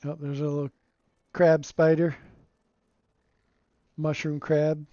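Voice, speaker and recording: A slow-talking man with a mellow, slightly high voice gives relaxed, rambling commentary over his gameplay and chuckles often. The sound is dull and lo-fi, close and dry on a home streaming mic. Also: no echo. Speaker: game streamer.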